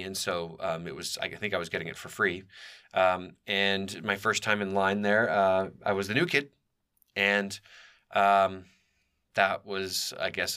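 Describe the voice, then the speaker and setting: Bright-voiced man telling rambling stories. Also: lowish voice. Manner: rambling, with many fillers and restarts. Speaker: podcast host. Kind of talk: personal storytelling.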